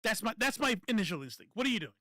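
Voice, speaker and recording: A man's voice: sits high, big pitch swings, very fast, pushed and bright, no room sound. A man giving casual, profane political commentary that rambles, stopping and restarting often.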